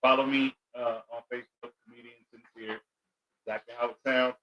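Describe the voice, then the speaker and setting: A man, a comedian guest on a podcast, talking candidly in relaxed chat and stumbling over his words. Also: mid-range voice, brisk, lo-fi sound.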